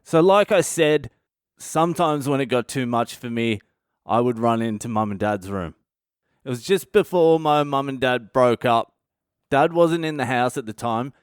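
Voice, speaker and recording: A man's voice: medium pitch, lively intonation, normal speed, clear, resonant tone, no room sound, clean studio sound. Swearing Australian man telling a story. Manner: swears constantly, blunt and conversational. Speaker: comedian and podcast host. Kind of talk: casual comic storytelling.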